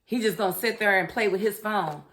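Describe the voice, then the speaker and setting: A woman's voice: medium pitch, fairly quick, fairly bright tone. A woman giving a sassy, chatty review of a TV episode, often laughing and speaking directly to her viewers. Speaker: TV show reviewer. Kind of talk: casual review commentary.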